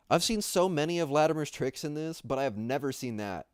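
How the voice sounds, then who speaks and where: A man hosting a livestream, chatting casually as he watches skate clips, rambling with many fillers and excited outbursts. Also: medium pitch, quick pace, few pauses, dry recording, studio quality, faint music behind. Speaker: livestream host.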